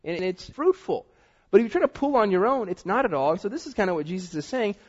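A man preaching a sermon in a lively way, sometimes dropping to a quiet, stressed delivery. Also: high-pitched, fast. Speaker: pastor. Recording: dull sound with long hall reverb.

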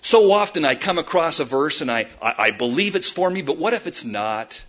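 Preacher guy giving a sermon, bright forceful voice, goes big then drops real quiet, kinda muffled lo-fi audio. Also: fairly high pitch, sing-song, brisk. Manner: emphatic, swinging between loud declarations and quiet asides; addresses the listeners directly as folks. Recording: dull lo-fi recording.

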